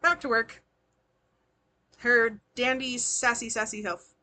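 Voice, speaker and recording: Slow and steady in tone, the woman's slightly high voice carries a sharp edge. As a tarot reader and spiritual healer on a live stream, she banters with her sitters in slang and laughs often.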